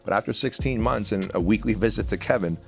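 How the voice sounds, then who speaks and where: A man's voice: fairly low pitch, fast, faint music behind. A man as an interview guest, talking candidly and bluntly about his past in casual language with the odd swear word. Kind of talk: candid personal storytelling.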